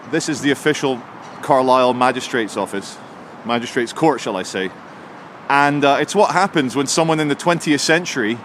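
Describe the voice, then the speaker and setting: A man's voice: on the high side, fairly bright tone. A man from England walking through a city with a handheld camera and chatting sardonically about the buildings. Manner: chatty, sardonic, mocking asides. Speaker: vlogger. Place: outdoors on city streets. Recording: outdoor street noise with traffic.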